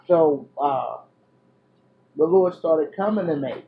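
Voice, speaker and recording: A woman vlogger telling a personal story to her viewers, loud one moment and hushed the next, full of fillers and restarts. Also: sits low, takes it slowly, narrow, tinny audio. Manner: animated, drifts between loud exclamations and hushed asides; chatty, many fillers and restarts.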